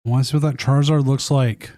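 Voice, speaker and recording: A man's voice: mid-range voice, fairly even intonation, fast talker, warm tone, no room sound, clean studio sound. A man chatting casually and rambling while streaming a card tournament. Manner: rambling, talks with mouth full at times.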